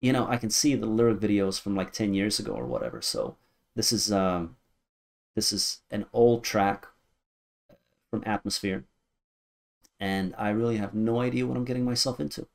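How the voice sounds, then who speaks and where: A man's voice: fairly low pitch, animated, normal speed, gravelly, pauses often. A man in his thirties hosting a music reaction video, musing aloud and guessing as he goes. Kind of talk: casual reaction commentary.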